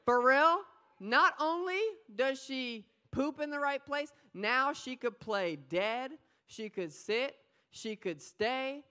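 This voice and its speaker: A woman preaching an energetic sermon, playful and animated, often talking straight to the crowd. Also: high-pitched, slow pace, smooth. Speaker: pastor.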